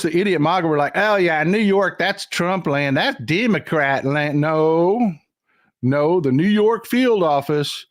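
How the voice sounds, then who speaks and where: A man's voice: on the high side, no echo, clean studio sound. Blunt, profane older man on a livestream. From Texas. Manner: blunt, profane, reads viewer comments aloud. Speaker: livestream host. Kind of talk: casual livestream commentary.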